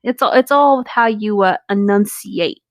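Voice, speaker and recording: A woman's voice: mid-range voice, normal speed, dry recording. A woman, reading a story aloud and bantering with crude jokes and frequent laughter. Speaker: story reader and co-host.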